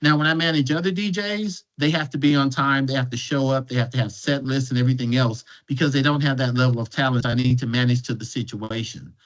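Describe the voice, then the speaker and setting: A man's voice: mid-range voice, fairly even intonation, quick pace, few pauses, a bit bright, poor audio. A man as a guest speaker telling stories in a conversational way, often restarting and repeating words. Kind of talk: conversational storytelling.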